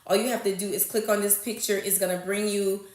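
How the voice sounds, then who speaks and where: A woman's voice: medium pitch, flat delivery, fairly quick, a little mellow. A woman hosting a casual livestream, chatting with viewers and greeting them by name, calling them honey and y'all. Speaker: livestream host. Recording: echoey room.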